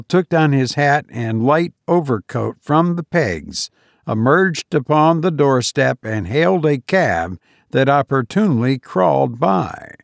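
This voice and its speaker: A man narrating a classic story as an audiobook, in a measured, expressive way. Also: medium pitch, gravelly, no room sound, studio quality.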